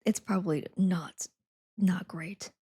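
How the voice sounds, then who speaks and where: A woman's voice: fairly low pitch, fairly even intonation, slow pace, mellow, breathy edge. A young adult woman chatting casually on a live stream, laughing often, saying "like" a lot and thanking viewers again and again.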